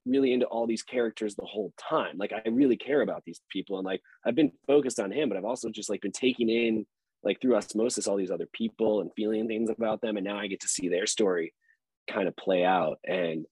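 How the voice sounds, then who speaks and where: Husky-voiced man telling a rambling story. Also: lowish voice, a little fast, a little mellow, no room sound, rough recording. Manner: loose, rambling storytelling with laughs and fillers. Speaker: actor, podcast guest. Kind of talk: casual interview chat.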